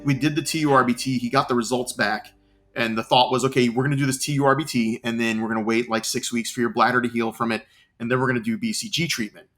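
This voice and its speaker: A middle-aged man from Florida speaks at an ordinary mid pitch. He tells his story earnestly, often repeating words as he gathers his thoughts. Soft music plays faintly underneath. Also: steady tone, quick pace. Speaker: cancer patient interviewee. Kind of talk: interview storytelling.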